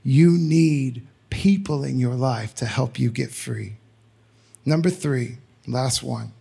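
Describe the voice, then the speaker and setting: A man's voice: mid-range voice, takes it slowly, vocal fry, warm tone, slightly rough. A man preaching a sermon as pastor, earnest and conversational, with sudden emphatic rises.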